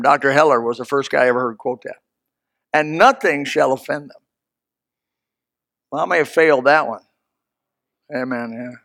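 A man preaching a sermon, telling folksy stories with sudden loud emphatic peaks. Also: on the high side, normal speed, pauses often, no echo, clean studio sound. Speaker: pastor.

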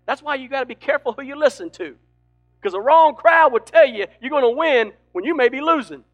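A man preaching a sermon with emphatic delivery that swings between loud and hushed. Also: extremely high pitch. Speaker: pastor.

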